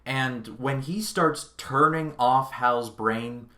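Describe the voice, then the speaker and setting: A man's voice: medium pitch, takes it slowly, bright, forceful tone. A young man reviewing a movie in a casual video, chatting with amusement as he recounts the scenes. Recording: echoey room.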